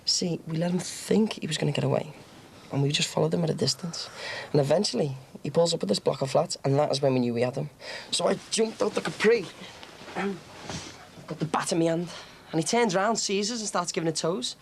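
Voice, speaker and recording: A man's voice: a little high, fairly quick, creaky, slight background noise. An actor playing a cocky young ex-con who brags about his violent exploits with a swaggering chuckle. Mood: boastful. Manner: boastful swaggering storyteller, chuckling. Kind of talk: TV soap drama.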